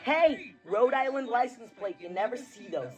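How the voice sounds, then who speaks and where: A man's voice: expressive, moderate pace, faint music behind. A man voicing a zany, boastful talking cat. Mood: playful. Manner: boastful, silly sales-pitch patter. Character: zany grown-up talking cat, reckless showman. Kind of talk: fan dub of a film scene.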